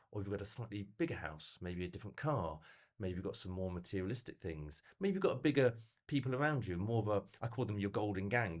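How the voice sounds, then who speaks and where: A middle-aged man speaking as a motivational speaker in casual podcast conversation, animated and telling stories, full of rhetorical questions. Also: fairly low pitch.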